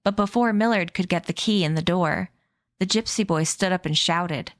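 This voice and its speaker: A woman streamer narrating a novel aloud in a steady, even reading voice. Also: fairly low pitch, moderate pace, no room sound, studio quality. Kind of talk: read-aloud storybook narration.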